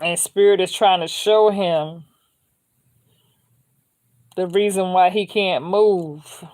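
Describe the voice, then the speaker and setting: A woman's voice: on the low side, fairly even intonation, slow pace, a little mellow. A woman giving a spiritual tarot reading in a loose, conversational way, often adding "you know what I'm saying.". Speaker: tarot reader.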